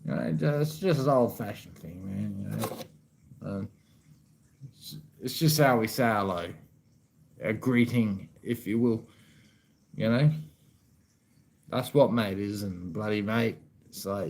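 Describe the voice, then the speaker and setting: A male vlogger with an Australian accent chats laid-back to camera, swearing freely and saying "you know what I mean" a lot. His lowish voice is unhurried, creaky, and a little mellow, with long pauses, on a rough recording.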